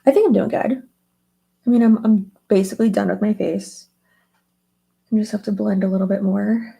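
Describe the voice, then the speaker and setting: A young woman talking through her makeup routine in a loose, rambling way. Her voice is husky and slightly gravelly, with a mellow, relaxed tone. She fills her sentences with likes and ums. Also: medium pitch, moderate pace. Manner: chatty, rambling with many fillers. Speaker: beauty vlogger. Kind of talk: casual get-ready-with-me chat.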